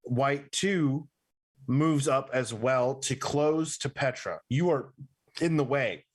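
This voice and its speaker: A man serving as game master for a tabletop role-playing session. He speaks slowly and deliberately at a middle pitch, painting scenes piece by piece. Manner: slow, deliberate descriptive narration.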